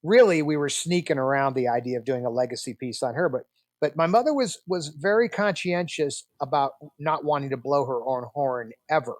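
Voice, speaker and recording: A man in his sixties, a film producer guest, telling chatty, animated anecdotes in a casual interview, with frequent restarts. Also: fairly high pitch, brisk, no echo.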